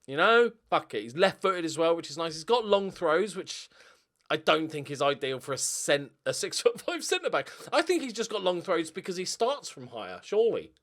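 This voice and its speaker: A young man rambles through his game in relaxed commentary. His voice sits a little high and swings widely in pitch, and he swears casually while cracking jokes. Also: moderate pace. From Northern Ireland. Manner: chatty, joking, swears freely, rambling asides. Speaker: gaming YouTuber.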